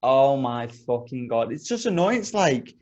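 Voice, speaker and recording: A man co-hosting a podcast, telling an animated, sweary story in casual chat. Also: mid-range voice, a little slow, lo-fi sound. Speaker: podcast co-host.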